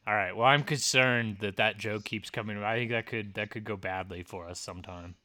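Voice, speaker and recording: A man's voice: on the low side, steady tone, brisk, pushed and bright, slight background noise. A man co-hosting a podcast, chatting casually and reading out reports in a playful, teasing way. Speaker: podcast co-host.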